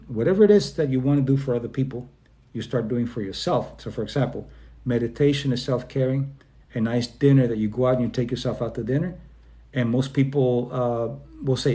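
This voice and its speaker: Mellow-voiced man giving a relaxed talk. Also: medium pitch. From Spain. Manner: acts out quoted people with quick voice changes. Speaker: speaker on self-esteem. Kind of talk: informal talk to an online audience.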